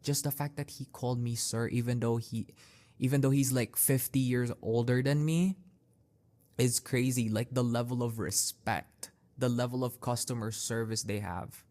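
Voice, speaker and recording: Speaking at medium pitch in a steady, darkish tone, a young podcast host relates personal stories casually. He takes his time, leans heavily on fillers and keeps saying "like" and starting over.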